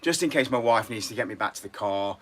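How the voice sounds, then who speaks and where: A man's voice: lowish voice, animated, quick pace, a bit bright. A middle-aged English man with an English accent, rambling and restless as he chats casually to viewers on a woodworking live stream. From England.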